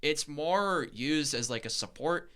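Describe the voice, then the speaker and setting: Bright, crisp young man explaining eagerly. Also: on the high side, expressive, a little slow. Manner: eager, rambling explainer with many fillers. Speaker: podcast co-host. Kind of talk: casual explanatory podcast talk.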